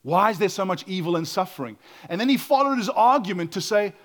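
An earnest male preacher with a slightly high voice delivers a sermon. He acts out the voices of people in his examples and drops suddenly quiet to stress a point. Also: expressive, quick pace, few pauses.

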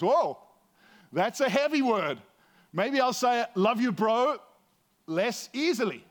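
Middle-aged male pastor, fairly high pitch, conversational and self-deprecating from the pulpit. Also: very animated, slow pace, pauses often. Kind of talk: sermon.

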